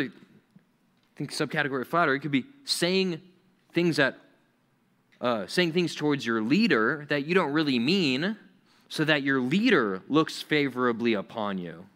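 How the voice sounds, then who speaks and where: A young adult man preaching a youth sermon, animated and acting out quoted voices. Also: mid-range voice. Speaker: youth pastor.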